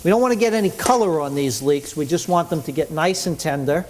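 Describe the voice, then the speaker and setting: Chatty cooking show host. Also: male voice, fairly high pitch, brisk, background noise. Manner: enthusiastic, chatty, explains as he chops. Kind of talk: cooking demonstration.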